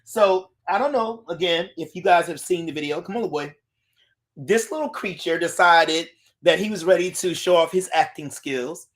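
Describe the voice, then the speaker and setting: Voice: mid-range voice, normal speed. An adult host chatting casually on a live stream, greeting viewers by name and reading their comments aloud, recorded on a phone.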